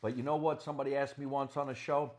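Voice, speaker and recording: A man's voice: mid-range voice, flat delivery, fast talker, a little mellow. An older man co-hosting a podcast, telling jokey stories in casual banter and laughing often. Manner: storytelling, joking, laughs often. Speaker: podcast co-host.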